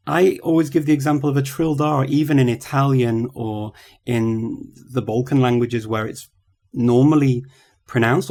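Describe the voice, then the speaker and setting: Husky-voiced male podcast host. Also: mid-range voice, warm tone. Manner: thoughtful, asks open questions. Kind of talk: casual podcast conversation.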